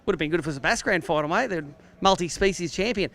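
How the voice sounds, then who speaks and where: A man's voice: sits high, rapid-fire, a bit bright. An Australian man emceeing a live fishing weigh-in outdoors by a lake, with jokey, upbeat banter. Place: outdoor lakeside weigh-in stage.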